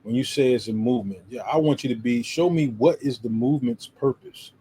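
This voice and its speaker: A man's voice: medium pitch, a little fast, dark tone, a little hiss or hum, low-quality recording. A man co-hosting a casual discussion who makes emphatic, preacher-like points. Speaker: podcast co-host.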